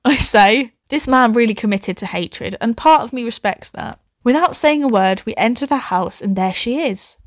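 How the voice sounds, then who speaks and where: A woman's voice: a little high, expressive, moderate pace, few pauses, no room sound, studio quality. A young woman reading her own old story aloud, breaking off into laughing, sweary, self-mocking asides. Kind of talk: comic reading with commentary.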